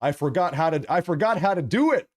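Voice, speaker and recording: A man hosting a political livestream, chatting casually with viewers and reading their messages, with a slight cough, animated and prone to repeating himself. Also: on the high side, brisk. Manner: animated, repeats phrases, apologetic asides.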